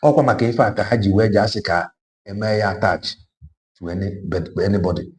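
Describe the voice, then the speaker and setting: His voice is lowish, fast, and a little mellow. An online political commentator with a Nigerian Igbo accent, he gives a heated political monologue that goes back and forth between Igbo and English, repeating himself for emphasis.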